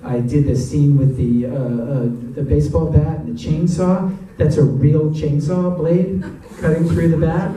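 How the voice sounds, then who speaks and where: A man answering audience questions after a screening, telling stories in a chatty, animated way and laughing often. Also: mid-range voice, slight background noise. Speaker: actor and guest of a Q&A. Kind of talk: audience Q&A storytelling. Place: cinema auditorium. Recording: echoey cinema from far off.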